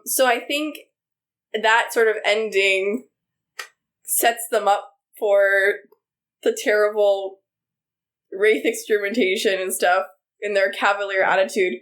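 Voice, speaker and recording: A young woman on a casual podcast who takes her time, speaking unhurriedly in a mid-range voice. She talks loosely, filling gaps with "like" and "um" and slipping into quick impressions of characters. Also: mid-range voice. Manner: relaxed, lots of "like" and "um", mimics characters. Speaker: podcast co-host. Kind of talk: casual chat.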